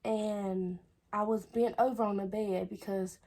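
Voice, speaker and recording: Young woman vlogger, AAVE, husky tone, rambling "I was like" storytelling. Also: medium pitch, steady tone, a little slow, a little mellow. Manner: chatty, repeats "I was like". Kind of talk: casual storytelling.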